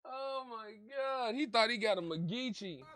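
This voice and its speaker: Loud laughing streamer, bright high voice. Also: male voice, lively intonation, unhurried, no echo. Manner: loud, laughing, profane running commentary. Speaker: streamer reacting to a video. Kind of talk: casual reaction commentary.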